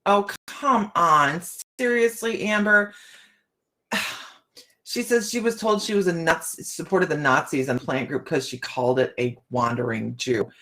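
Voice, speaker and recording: A woman's voice: low voice, measured pace, fairly bright tone. A woman hosting a casual morning livestream chat, chatting to viewers, often laughing and restarting her sentences. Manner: frequent restarts and stammers. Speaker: psychic livestream host.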